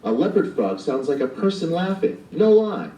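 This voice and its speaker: A man's voice: fairly high pitch, sing-song, moderate pace, mellow, pitched above the performer's own voice. A man voicing an eager young boy who is obsessed with frogs, in an earnest, enthusiastic way. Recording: roomy, distant playback of an audiobook.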